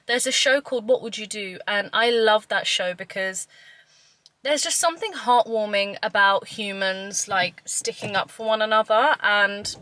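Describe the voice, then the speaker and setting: Woman vlogger, chatty and animated, bright voice, mid pitch. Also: dry recording. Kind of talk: chatty vlog.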